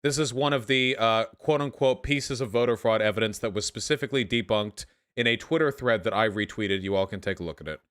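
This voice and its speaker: A young man hosting a livestream, reacting to chat with sarcastic, animated commentary full of swearing. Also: lowish voice, a little fast, few pauses, clean tone. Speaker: livestream host.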